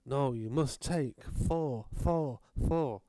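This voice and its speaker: A man's voice: mid-range voice, very slow, dark tone, dry recording, pitched above the performer's own voice. A man voicing a curt foreign woman shop assistant who speaks broken English and keeps repeating single words. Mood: stubbornly insistent.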